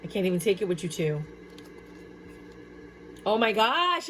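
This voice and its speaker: A woman's voice: a little high, slow, long pauses, slight background noise. Chatty woman doing a tarot reading, gets all worked up over the cards, talks to the viewer like a friend. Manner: excitable, chatty, exclaims and laughs often. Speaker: tarot reader. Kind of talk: casual tarot card reading.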